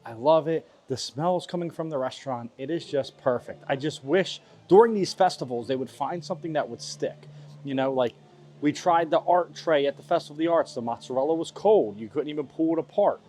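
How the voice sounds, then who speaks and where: A man's voice: fairly high pitch, fairly quick, dark tone. Man mock-sulking over festival food. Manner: dramatic, playful complaining. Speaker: vlog host. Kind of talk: casual food review vlog. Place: outdoors at a theme park festival.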